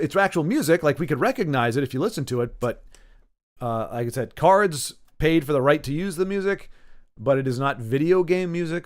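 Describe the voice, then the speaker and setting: A man giving casual, chatty commentary while playing a card game, thinking aloud and going off on tangents. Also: medium pitch. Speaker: gaming YouTuber.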